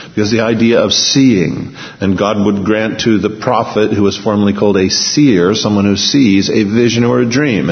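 Man, pastor, sermon, acts out characters, chuckles, long reverb, muffled sound. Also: medium pitch. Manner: acts out bible figures in quick voices, chuckles often. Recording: dull sound in a reverberant hall.

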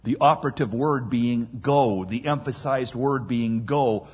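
Man, pastor, sermon, husky voice, dramatic storytelling, dull lo-fi recording. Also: medium pitch, a little slow. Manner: reads scripture, then retells it in casual speech; dramatic, acts out quoted lines. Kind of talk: expository sermon.

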